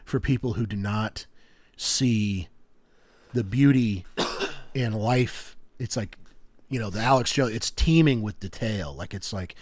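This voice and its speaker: A young adult man on a podcast, telling stories in a rambling, animated way with lots of fillers. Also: fairly low pitch, slow pace. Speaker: podcast co-host. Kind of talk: casual chat.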